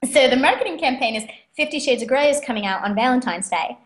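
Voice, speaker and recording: Lively young woman telling a story. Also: sits high, quick pace. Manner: animated, chatty, laughs often. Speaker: guest author. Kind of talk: casual interview storytelling. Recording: roomy echo.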